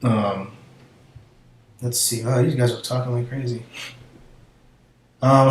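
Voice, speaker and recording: A man's voice: medium pitch, steady tone, slow, long pauses, reverberant, rough recording. A man giving casual commentary as he reads through chat logs, blunt and swearing, often trailing off mid-thought.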